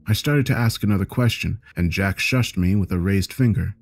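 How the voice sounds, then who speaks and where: A man narrating a first-person story with a steady, plain delivery. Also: low-pitched, normal speed, creaky.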